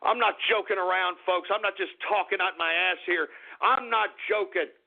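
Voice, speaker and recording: Tinny, high-voiced ranting radio host man. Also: normal speed, vocal fry. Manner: angry shouting rant, profane, then calming down. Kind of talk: ranting talk radio monologue. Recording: tinny phone-like radio broadcast.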